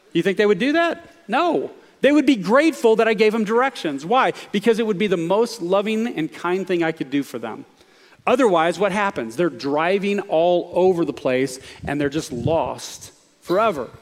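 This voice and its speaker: A man preaching a sermon in a fairly high voice. He talks with his listeners more than at them, asking them questions as he goes. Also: animated, moderate pace, long reverb tail. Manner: conversational preaching, asks the audience questions. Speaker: pastor.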